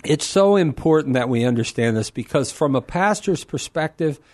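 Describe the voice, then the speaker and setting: A man answering a caller as a guest on a call-in radio show, earnest and animated, often laughing and repeating words as he thinks. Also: fairly high pitch, moderate pace, no room sound, clean studio sound.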